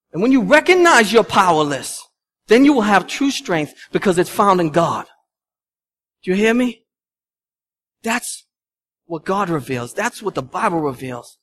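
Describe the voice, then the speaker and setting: A male pastor delivering a sermon in a church, animated and conversational, slipping into stories with laughter. His voice sits a bit higher than most men's. Faint ambience hums underneath. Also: unhurried, long pauses, a little hiss or hum. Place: church sanctuary.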